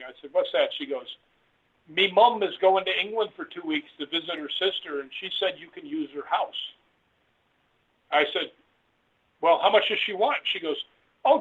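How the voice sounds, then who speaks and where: A man, a guest author, rambling through an animated story and voicing the people in it. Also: on the high side, slightly rough. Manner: rambling, animated retelling with voiced quotes. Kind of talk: casual storytelling interview. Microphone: phone call. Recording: tinny phone line.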